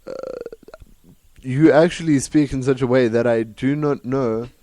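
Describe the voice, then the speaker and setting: A man's voice: mid-range voice, measured pace, dark tone, no room sound. A man from Africa, co-hosting a jokey podcast in a wry, teasing way. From South Africa. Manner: wry, teasing, laughs often. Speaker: podcast co-host.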